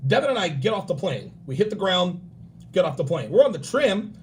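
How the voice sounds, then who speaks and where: Man in his forties, high voice, blunt profane livestream host, faint background hiss. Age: 40s. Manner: blunt, animated, acts out others in quick bursts.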